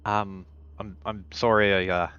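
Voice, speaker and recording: A man's voice: lowish voice, flat delivery, a little slow, fairly bright tone, smooth, muffled recording, voice pushed down. A man voicing a nervous, earnest young hacker who rambles and hesitates, in a tabletop game. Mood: apologetic.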